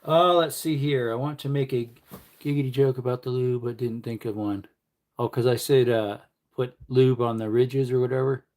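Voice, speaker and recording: A man in the middle of his range hosts a casual livestream. He mumbles offhand asides and joking replies to chat as he works, at an even, unhurried pitch. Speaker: livestream host. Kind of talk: casual livestream chat while reloading ammunition.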